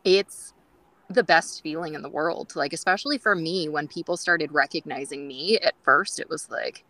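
A woman's voice: low-pitched, moderate pace, bright, forceful tone, dry recording, rough recording. A woman guest on a groomers' podcast, telling stories in a chatty way with many fillers and acting out quoted dialogue. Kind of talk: casual storytelling interview.

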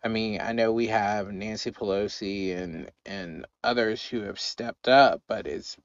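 A man co-hosting a podcast, chatting casually about politics with animated, emphatic, repetitive phrasing. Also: on the low side, a little slow, clean tone, highs cut off. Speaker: podcast co-host.

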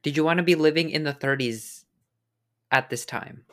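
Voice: mid-range voice, normal speed, a bit bright. A co-host in casual chat, blunt and teasing, with a sarcastic edge.

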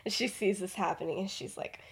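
A young woman host retelling a story in a loose, rambling way, packed with fillers and little laughs. Her pitch sits in an ordinary middle range, and her talk is casual and chatty. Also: fairly even intonation, brisk, gravelly, slightly rough. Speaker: podcast host.

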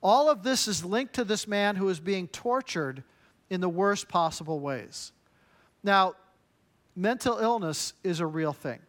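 Male pastor, higher voice, punchy emphatic sermon delivery. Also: animated, unhurried, fairly bright tone. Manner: emphatic, punchy preaching with short repeated phrases.

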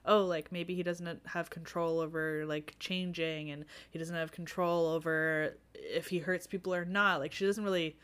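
A woman's voice: on the low side, fairly even intonation, normal speed, few pauses, a bit bright, smooth. A woman co-hosting a casual podcast, blunt and sarcastic, often laughing. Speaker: podcast co-host. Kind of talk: casual book discussion chat.

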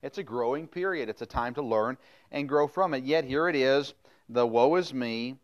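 A middle-aged man gives a casual sermon, reading old-style Bible scripture before explaining it in a folksy, chatty way full of fillers. His mid-range voice goes at a normal speed, and the recording sounds muffled.

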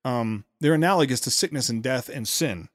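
A man hosting a podcast, giving sarcastic commentary on a played speech with quick asides and restarts. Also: mid-range voice, animated, no room sound, clean studio sound. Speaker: podcast host.

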